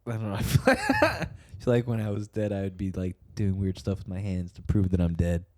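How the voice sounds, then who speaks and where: A man's voice: deep voice, animated, fairly quick, a little mellow, no echo. A young man who co-hosts a casual comedy podcast. He rambles, restarts his sentences and laughs often.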